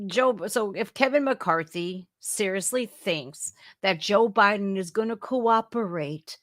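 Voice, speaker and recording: A woman's voice: medium pitch, a bit bright, no room sound, studio quality. A woman in her forties hosting a casual political reaction livestream, blunt, profane and sarcastic. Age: 40s. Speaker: livestream host.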